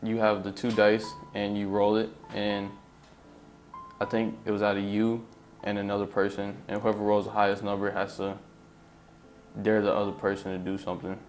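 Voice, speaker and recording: A young man with a very deep voice answers questions in short, guarded replies. He speaks in a flat, even tone. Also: moderate pace, faint music behind. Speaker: interviewee being questioned.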